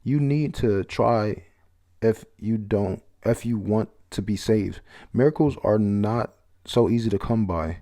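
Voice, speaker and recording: A man's voice: fairly low pitch, measured pace, dark tone. A man reading out the lines of a scolding adult male prisoner from a comic, in a raised voice.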